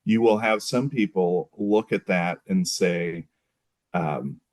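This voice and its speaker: A man who is a guest on a podcast, talking thoughtfully with frequent pauses and restarts. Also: low-pitched, darkish tone. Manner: thoughtful, hesitant, many fillers and restarts. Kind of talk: casual conversation.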